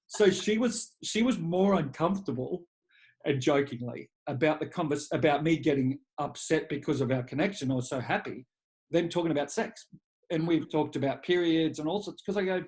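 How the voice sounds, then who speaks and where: A man's voice: on the high side, fairly quick. A man, a leadership coach speaking as an interview guest, telling candid personal stories in a blunt, profane way. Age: 40s. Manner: blunt and profane, animated when quoting himself. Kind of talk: candid conversational storytelling.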